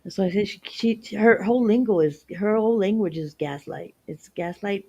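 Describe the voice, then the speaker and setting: A woman's voice: medium pitch, fairly quick, mellow, husky, muffled recording. A woman co-hosting a casual commentary stream, with an everyday mid-range voice. She speaks bluntly in loose slang, repeating herself for emphasis. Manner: blunt, slangy, reads chat aloud. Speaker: commentary host. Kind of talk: casual reaction chat.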